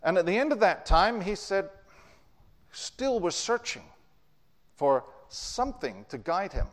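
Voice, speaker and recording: Male preacher, slightly higher voice, lively story-driven delivery, long hall reverb. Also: unhurried. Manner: storytelling, with wide swings in pitch and loudness. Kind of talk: sermon.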